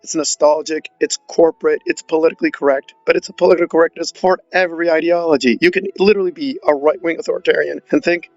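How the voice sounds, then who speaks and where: A man's voice: a little high, steady tone, fast talker, few pauses, highs cut off, faint music behind. A man giving a sarcastic, exasperated film review, mocking the movie as he goes. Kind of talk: opinionated film review monologue.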